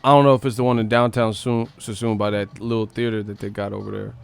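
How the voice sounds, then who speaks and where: A man's voice: on the low side, little pitch movement, fast talker, creaky, smooth, soft background music. Slangy man ranting. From Northern California. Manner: slangy and profane, mocks with put-on voices and laughter. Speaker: live stream host. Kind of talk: casual live-stream rant.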